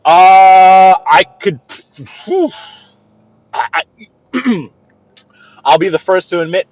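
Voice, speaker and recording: Man, New York accent, casual driving livestream, throat-clearing, dry close sound. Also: a little high, no echo, muffled recording. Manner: chatty, greets viewers by name, says friggin'. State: clearing his throat often, under the weather. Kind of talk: casual live-stream chat while driving. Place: inside a car on city streets.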